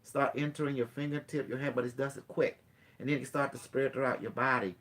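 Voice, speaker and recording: A man's voice: mid-range voice, fairly even intonation, a little fast, a bit bright. A man working as a spiritual guide, talking the listener through a guided session step by step. He speaks in loose, repetitive phrasing full of fillers and keeps checking in with his listener. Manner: talks straight to the listener, often checking in.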